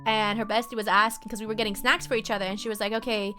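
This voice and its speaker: A woman's voice: mid-range voice, flat delivery, racing, bright, forceful tone, faint music behind. A young woman chatting casually on a live stream, giggling often and answering her viewers' messages. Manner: reads and answers chat messages.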